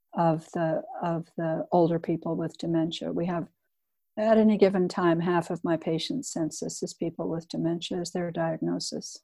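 A woman's voice: on the low side, mellow, no echo. An older woman who works in hospice, talking candidly about her work in an earnest storytelling way. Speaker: hospice worker. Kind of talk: reflective personal talk.

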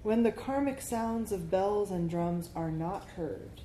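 A woman meditation teacher leads a dharma talk at an unhurried pace, her voice mellow and a little low. She keeps checking in with the group as she goes. The room is echoey, with a faint hiss behind her. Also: animated. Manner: slow, reflective, often asks "right?".

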